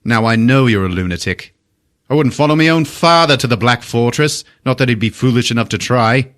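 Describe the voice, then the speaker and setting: A man voicing a boisterous, defiant bandit leader with a loud, mocking, theatrical delivery. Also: mid-range voice, fairly quick, natural voice.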